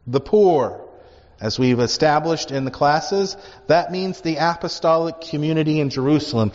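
A man's voice: on the high side, fairly even intonation, moderate pace. A man teaching a Bible class, explaining emphatically and asking rhetorical questions. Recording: dull recording with hall reverb.

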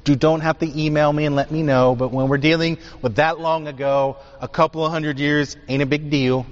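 A man preaching a sermon, teaching emphatically and asking his listeners rhetorical questions. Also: a little high. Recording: dull sound with long hall reverb.

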